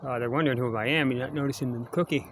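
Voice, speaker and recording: A man's voice: mid-range voice, steady tone, very fast, a bit bright. A man rambling and joking as he vlogs in the woods, coaxing animals toward him, filmed on a camera held at arm's length. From Canada. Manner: chatty, jokey, coaxing animals. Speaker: vlogger. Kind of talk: rambling outdoor vlog. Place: woods outdoors. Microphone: handheld camera at arm's length. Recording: outdoor noise, wildlife around. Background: outdoor ambience, animals.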